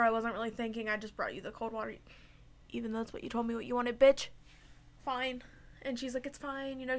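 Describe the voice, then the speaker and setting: Young woman, high bright voice, swearing a lot while venting about work, casual chat. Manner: profane, emphatic storytelling. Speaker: restaurant server.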